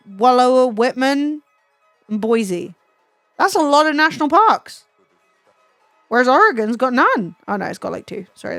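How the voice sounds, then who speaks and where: A British woman with a high voice chats on a stream, teasing and disbelieving, with casual swearing. Her voice sits dry and close to the mic, with faint music playing underneath. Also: a bit bright, no room sound. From Britain. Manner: teasing, incredulous, swears freely. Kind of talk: casual chat with a guest.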